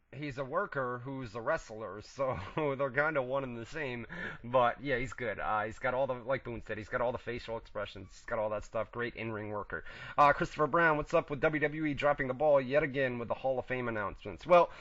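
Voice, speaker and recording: A man hosts a casual wrestling talk radio show, bantering and swearing freely at his co-host. His voice sits at an ordinary pitch and sounds dry and close. The recording is dull and lo-fi. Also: a little fast, a bit bright, dry recording. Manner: profane, teasing banter. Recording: muffled lo-fi internet radio.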